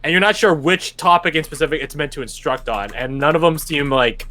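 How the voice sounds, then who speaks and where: A man's voice: a little high, fairly quick, bright, forceful tone. A young man narrating a tabletop game as game master, rambling with many fillers and restarts.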